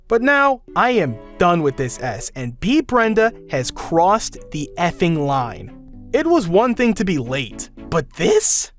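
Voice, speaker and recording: Lively male story narrator. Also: high-pitched. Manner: lively, exasperated first-person telling. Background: faint background music.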